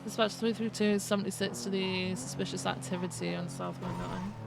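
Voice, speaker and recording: A woman's voice: mid-range voice, little pitch movement, brisk, gravelly, over loud music. A woman streamer playing a police officer in a game roleplay, talking bluntly and swearing casually. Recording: game and car noise behind.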